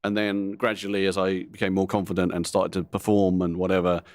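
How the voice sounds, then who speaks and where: In a dry, clean studio recording, a middle-aged comedian gives an interview in a low-pitched, flat, darkish voice. His talk is frank and rambling, full of self-deprecating asides, and he laughs readily.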